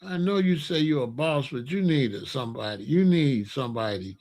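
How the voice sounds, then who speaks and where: A man's voice: medium pitch, lively intonation, moderate pace, darkish tone. A young man giving a ranting commentary, incredulous and exasperated as he scolds and asks questions.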